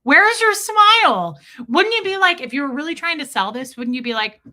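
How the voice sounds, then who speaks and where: A woman hosting a livestream, chatty and animated, greeting viewers in chat by name as she comments. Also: high voice, brisk. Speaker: host, livestreamer.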